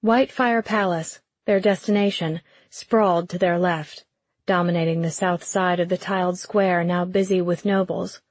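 Sex: woman. Role: audiobook narrator reading fiction in a measured, even way. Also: on the low side, dry recording. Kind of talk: scripted narration.

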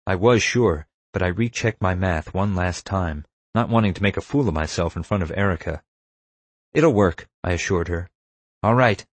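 A man narrates a first-person adventure story in a steady, measured delivery. His voice is low and sits deep in his chest. The recording is dry and close, with no room sound at all. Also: no room sound. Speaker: audiobook narrator.

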